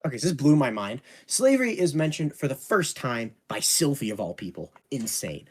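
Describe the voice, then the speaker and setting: A man rants through a casual podcast chat with biting sarcasm and plenty of swearing. His exasperation keeps boiling over as he picks things apart. He speaks at an ordinary, middle pitch. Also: very animated, brisk, slightly rough. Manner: sarcastic, profane, exasperated ranting. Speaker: podcast co-host. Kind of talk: casual ranting discussion.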